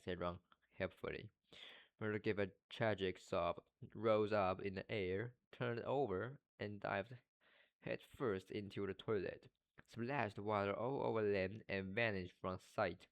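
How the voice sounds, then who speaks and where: Low-voiced man reading haltingly. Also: steady tone, vocal fry. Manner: halting, stumbles and repeats words. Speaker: English learner reading aloud. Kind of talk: reading a novel aloud.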